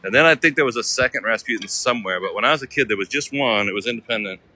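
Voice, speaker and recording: A man's voice: medium pitch, very fast, pushed and bright. An American man live-streaming as he walks city streets, chatting casually with viewers in slang. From United States. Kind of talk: walking live-stream vlog.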